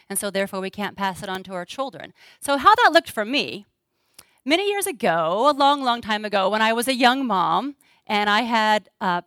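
A woman's voice: medium pitch, bright, forceful tone, no room sound. A middle-aged woman speaking earnestly to an audience, sharing personal stories and acting out dialogue. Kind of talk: talk to a live audience.

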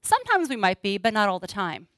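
A woman's voice: medium pitch, big pitch swings, fast, a bit bright, no room sound. A middle-aged woman speaking earnestly to an audience, sharing personal stories and acting out dialogue. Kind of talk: talk to a live audience.

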